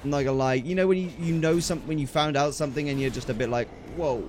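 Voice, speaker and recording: A young British man streaming a game while telling a holiday story in a chatty, slang-filled, excitable way. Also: fairly high pitch, very fast, slight background noise. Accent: British English. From Britain. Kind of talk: casual storytelling while gaming.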